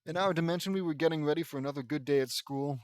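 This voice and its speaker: A man's voice: fairly high pitch, very fast, smooth, no echo, clean studio sound. A young man reading his fan fiction aloud, breaking off with rambling, sarcastic asides and swearing. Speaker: audiobook reader.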